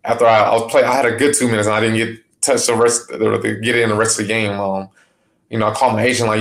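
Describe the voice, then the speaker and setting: Man, podcast guest, deep gravelly voice, monotone, laid-back, lots of fillers. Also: fast. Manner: relaxed, many fillers and restarts. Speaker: basketball player guest. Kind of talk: casual podcast interview.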